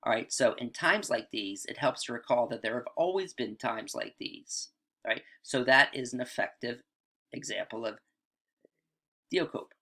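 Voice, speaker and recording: A man's voice: medium pitch, normal speed, sharp tone. Male teacher, informal lecture delivery, conversational with frequent check-ins. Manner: chatty, frequent "right?" and "all right" asides. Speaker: writing teacher. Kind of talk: casual lecture on rhetoric.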